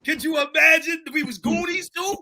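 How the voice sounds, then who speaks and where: Bright, excitable man. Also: very high voice, moderate pace. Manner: excitable, laughs and hypes along. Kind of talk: casual podcast chat.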